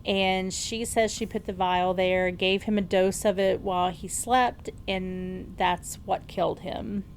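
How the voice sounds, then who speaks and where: A woman's voice: mid-range voice, fairly even intonation, a little slow, a little hiss or hum. A woman co-hosting a podcast, telling a story in casual chat, amused and often laughing, with lots of fillers. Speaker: podcast co-host.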